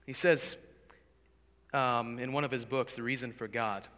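Casting note: male preacher, earnest and pleading, bright forceful tone, long hall reverb. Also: mid-range voice, fairly even intonation, measured pace. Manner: earnest, pleading, swells loud for emphasis. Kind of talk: sermon.

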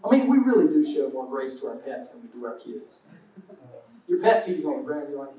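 A high-voiced man preaches in a loose, joking way, slipping into quick acted-out asides. His voice rings around a roomy church space and sits a little back from the mic. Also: very animated, mellow, far from the mic, a little hiss or hum. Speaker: pastor. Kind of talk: sermon.

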